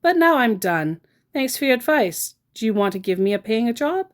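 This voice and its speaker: A woman's voice: fairly high pitch, big pitch swings, normal speed. A woman reading out the chat messages of a pushy male online scammer, wheedling and demanding.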